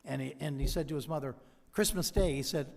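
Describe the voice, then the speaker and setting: Man, convocation speaker, slightly high voice, storytelling, long hall reverb. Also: brisk, creaky, a little mellow. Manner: storytelling, quoting others. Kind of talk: ceremonial speech with anecdotes. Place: large hall.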